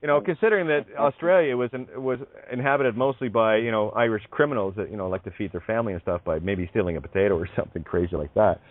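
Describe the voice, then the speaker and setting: A man's voice: fairly low pitch, quick pace, hardly any pauses. A man hosting a casual radio chat, rambling and musing, often dropping into mock accents. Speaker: host. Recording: dry tinny phone-like line.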